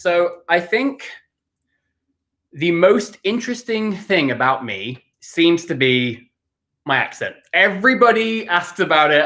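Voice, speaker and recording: A man's voice: fairly high pitch, pushed and bright. Chatty, hesitant man hosting a live Q&A. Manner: chatty, hesitant, with many pauses and fillers. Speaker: livestream host answering questions. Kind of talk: casual live Q&A chat.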